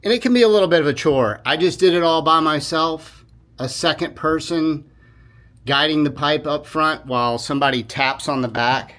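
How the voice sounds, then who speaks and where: A man giving a casual how-to walkthrough of a repair, talking informally with quick self-corrections and apologetic asides as he works. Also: fairly high pitch, a bit bright. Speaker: DIY repair video host.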